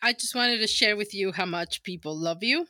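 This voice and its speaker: A woman co-hosting a podcast. She talks casually, slowly and affectionately. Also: mid-range voice, bright, forceful tone, no echo, studio quality. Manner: slow, affectionate. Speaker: podcast co-host.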